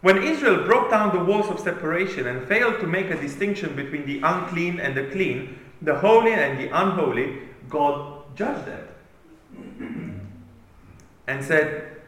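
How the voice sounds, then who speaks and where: A man's voice: fairly high pitch, expressive, unhurried, a bit bright. A man preaching a sermon, reading with an emphatic, declamatory delivery. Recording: very echoey room.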